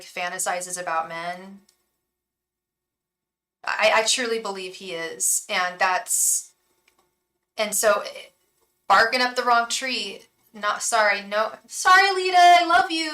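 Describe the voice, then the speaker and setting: A woman's voice: mid-range voice, sharp tone, far from the mic, poor audio. A woman giving a live-streamed tarot reading, talking in a frank, chatty way and swearing casually. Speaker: tarot reader and psychic.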